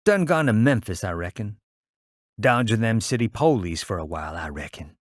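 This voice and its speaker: A man's voice: on the low side, sing-song, normal speed, dry recording, clean studio sound. Man doing a frightened woman cook. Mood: fearful. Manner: fearful, plaintive.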